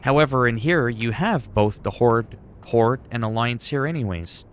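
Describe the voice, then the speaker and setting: A man's voice: medium pitch, expressive, moderate pace, a little hiss or hum. Rambling, enthusiastic male game streamer. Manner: rambling and enthusiastic, with casual swearing. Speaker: livestreamer. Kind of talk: casual gameplay chat.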